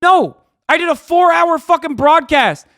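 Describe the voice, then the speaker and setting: A man livestreaming, ranting angrily and profanely at his chat and often shouting. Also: very high-pitched, lively intonation, unhurried, dry recording, studio quality.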